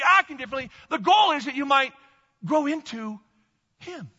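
High, lively preaching man in a hall. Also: normal speed, muffled recording. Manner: emphatic, repetitive, with the congregation repeating after him. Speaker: pastor. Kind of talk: sermon.

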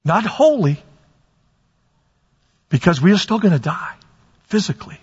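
A pastor preaching a sermon, rising to shouts on key points and putting questions to his congregation. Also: high-pitched, very animated, measured pace, pauses often, slightly rough. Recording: lo-fi, long reverb in a church hall.

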